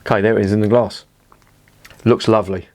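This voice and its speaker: A man with a somewhat low voice talks through a beer review in an easy, chatty way. He is blunt and swears casually. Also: level tone, a little fast, darkish tone.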